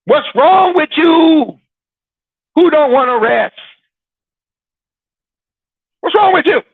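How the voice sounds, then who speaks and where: A man's voice: very high-pitched, animated, slow, gravelly, pauses often, dry recording. Male Christian show host, teasing preacher delivery; dry, tinny phone-quality recording. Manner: teasing and preachy, laughing often, with dramatic repetition. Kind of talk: sermon-like casual talk.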